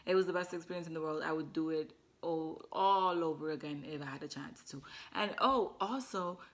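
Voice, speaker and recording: A woman's voice: deep voice, a little fast. A young woman vlogger telling a personal story to the camera in casual chat, emotional and teary, full of "like" fillers. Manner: emotional, talks with many "like" fillers.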